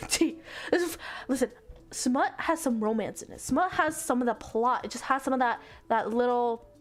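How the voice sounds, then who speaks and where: A woman's voice: fairly high pitch, normal speed. A female streamer giving casual commentary, exasperated and swearing a lot.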